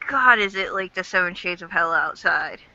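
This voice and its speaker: Chatty woman rambling in a fan chat, super bright voice, dry dull lo-fi sound. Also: fairly low pitch, lively intonation, moderate pace, no echo. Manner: chatty, rambling, casual swearing. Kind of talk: casual online chat.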